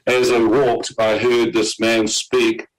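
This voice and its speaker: A man's voice: mid-range voice, little pitch movement, slow, rough recording. A man, a guest on a faith program, telling his personal testimony as a vivid story, with fillers and short laughs along the way.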